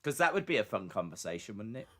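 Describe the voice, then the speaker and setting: A British man with a bright, forceful voice co-hosts a live stream, teasing his partner in easy, casual chat. His pitch swings widely as he talks, and the whole delivery stays playful. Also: sing-song, fast talker. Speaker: podcast co-host.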